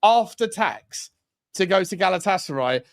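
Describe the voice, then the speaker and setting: A man's voice: high-pitched, lively intonation, moderate pace. A man co-hosting a football podcast, jokey and rambling, often correcting himself. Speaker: podcast co-host. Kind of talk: casual football chat.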